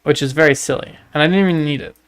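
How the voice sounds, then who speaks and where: Fairly high-pitched and rapid-fire, a Canadian-accented man livestreams a game. It's casual gameplay commentary full of chatter, jokes, and rambling stories.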